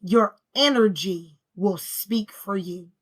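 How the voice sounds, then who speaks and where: A woman's voice: mid-range voice, slow. A woman giving a casual spiritual self-help talk in an emphatic, slangy, repetitive style. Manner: emphatic, repetitive, preacher-like rhythm; conversational, slangy. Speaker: spiritual healing vlogger.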